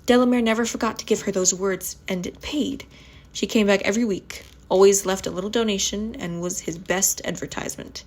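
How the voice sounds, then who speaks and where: Breathy woman reading a spooky story. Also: mid-range voice, fairly even intonation, a little fast. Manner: soft reading that stumbles and restarts on words. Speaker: ASMR channel host reading aloud. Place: at home.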